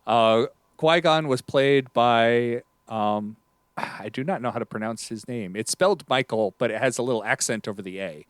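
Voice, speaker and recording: A man's voice: mid-range voice, normal speed, clear, resonant tone, no room sound. A man co-hosting a podcast in easygoing, rambling casual chat. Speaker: podcast co-host.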